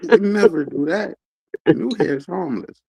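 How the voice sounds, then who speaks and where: A man's voice: high voice, moderate pace, gravelly, darkish tone, breathy edge, no room sound. A man calling in as a guest on a casual chat, playful and jokey. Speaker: guest caller on a chat panel.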